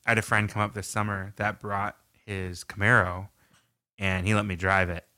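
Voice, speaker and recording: Bright-voiced playful man on a podcast. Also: on the low side, little pitch movement, moderate pace, smooth. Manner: playful, mock-formal wordy. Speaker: podcast co-host. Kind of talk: casual chat.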